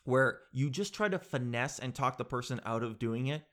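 A man's voice: medium pitch, animated, moderate pace, a bit bright. A young man telling a comedic story in a rambling, sarcastic way, laughing at his own jokes and saying "dude" a lot.

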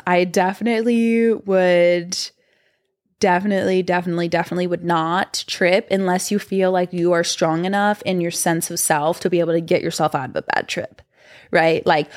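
A woman's voice: fairly low pitch, no room sound, clean studio sound. A woman in her twenties, hosting a podcast and telling stories in a chatty way with lots of fillers. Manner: chatty, heavy use of "like". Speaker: podcast host. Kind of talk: casual storytelling.

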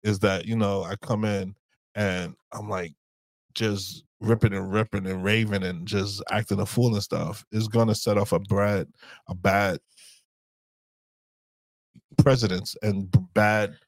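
Low-voiced laid-back husband. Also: male voice, steady tone, a little slow, pauses often, no echo. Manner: rambling, searches for words, restarts. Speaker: podcast co-host. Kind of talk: casual chat.

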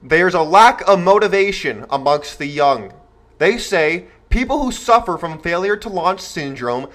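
A man in his twenties hosting a show, giving a blunt, slangy motivational talk to young men and parents, acting out the voices of others. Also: sits high. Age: 20s. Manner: animated, acts out voices of others. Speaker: podcast host. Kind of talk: motivational monologue.

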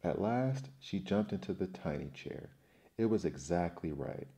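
A man narrating a children's fairy tale in an expressive, measured storytelling manner. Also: low voice.

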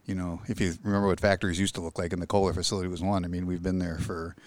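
Low-voiced easygoing Midwestern man. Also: flat delivery, rapid-fire, a little mellow, dry recording. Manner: easygoing, dry humor, plain-spoken. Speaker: industry guest, engine company manager. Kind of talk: casual interview chat.

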